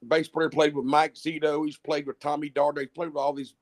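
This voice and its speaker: This guest is a musician, a middle-aged man whose slightly high voice stays level in tone as he talks fairly quickly. In casual chat he spins long, wandering stories, full of profanity and constant restarts.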